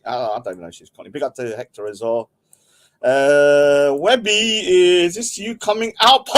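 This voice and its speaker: A man's voice: sits high, expressive, normal speed. A middle-aged man, casually rambling and joking while he hosts a livestream and reads out chat. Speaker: livestream host.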